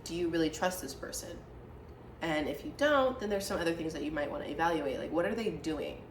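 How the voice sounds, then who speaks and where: A young woman with a lowish voice talks through relationship questions in a loose, chatty way, opinionated and quick to laugh. She sits back from the mic, so her voice carries a roomy echo with faint room noise behind it. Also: lively intonation, distant mic. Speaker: podcast co-host. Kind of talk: casual chat.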